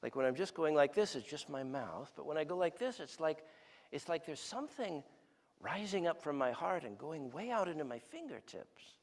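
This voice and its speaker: A sixties-aged guest speaker delivers a storytelling, conversational sermon in a large church hall, asking his listeners questions. His voice is a little high and very animated, at a normal speed.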